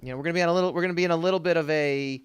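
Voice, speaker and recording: Male podcast host, casual chat, slightly higher voice, clean and resonant, rambling delivery. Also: racing, smooth. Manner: rambling, laughs often, many fillers and restarts. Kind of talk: casual pop culture chat.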